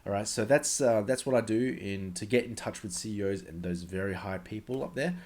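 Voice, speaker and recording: Speaking straight to camera, a sales coach gives casual, conversational sales advice in a fairly quick, slightly low voice with a darkish tone. He stresses key points emphatically, often circling back to repeat himself and his phrases.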